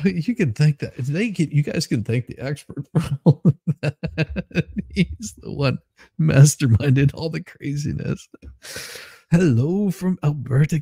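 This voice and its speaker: A man's voice: mid-range voice, warm tone, breathy edge, dry recording, clean studio sound. A man co-hosting a casual live stream, laughing constantly and reading viewer comments aloud. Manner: laughs constantly, giggly and amused. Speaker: livestream co-host reading chat.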